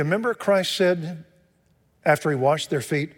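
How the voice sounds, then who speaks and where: A man delivers a sermon as pastor, his voice set fairly high for a man. He moves between emphatic, raised passages and quiet, hushed storytelling. The sound rings with a long reverb, like a large church hall. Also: moderate pace. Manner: animated preaching with swings from loud to hushed.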